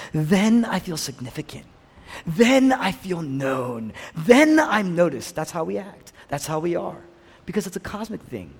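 A male preacher delivers a sermon with earnest, emphatic repetition. His voice is husky and sits on the higher side for a man. A long hall reverb trails each phrase. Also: darkish tone.

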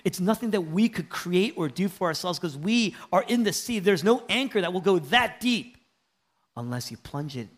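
Male pastor, lively sermon delivery with wide pitch swings, fairly high voice, dips into hushed near-whispers. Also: normal speed. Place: church sanctuary.

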